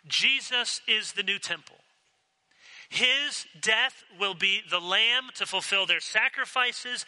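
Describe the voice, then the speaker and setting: Bright-voiced preacher in a reverberant hall. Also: male voice, high voice. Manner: earnest, emphatic, asks the congregation direct questions. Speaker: pastor. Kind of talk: sermon.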